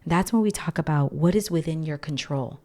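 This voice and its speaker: A woman hosting a personal podcast, speaking earnestly and repeating key phrases, sometimes softening almost to a whisper. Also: low voice, brisk. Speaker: podcast host. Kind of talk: personal reflective podcast talk.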